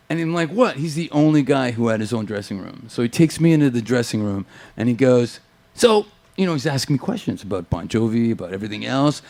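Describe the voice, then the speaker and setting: A man chatting casually as a guest, telling lively anecdotes, acting out what others said and swearing freely. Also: medium pitch. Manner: animated anecdotes, acts out quoted voices, swears. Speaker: guest guitarist. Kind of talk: casual storytelling chat.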